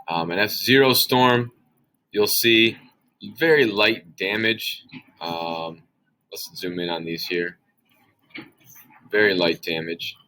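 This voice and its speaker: Deep-voiced man as a relaxed science teacher, chatty and upbeat, recording a class walkthrough. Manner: casual, upbeat, chatty with filler words.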